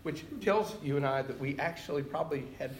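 A man's voice: fairly high pitch, a little fast, slight background noise. Echoey older male preacher. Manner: conversational, emphatic preaching with rising bursts. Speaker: pastor. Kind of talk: sermon. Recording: very echoey hall, heard from a distance.

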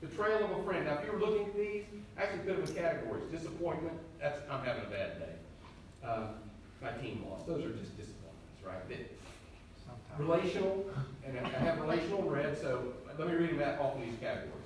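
A man's voice: a little high, animated, a little fast, slight background noise. An older man preaching a sermon in a conversational, emphatic way, with sudden rising bursts. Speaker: pastor. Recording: very echoey hall, heard from a distance.

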